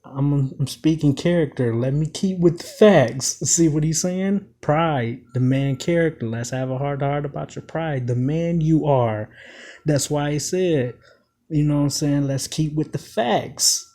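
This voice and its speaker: A man's voice: a little high, unhurried, warm tone. A man casually breaking down rap lyrics line by line, emphatic, repeating quoted bars and asking if the listener follows. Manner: emphatic, repeats quoted lines, keeps asking "you know what I'm saying". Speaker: commentator.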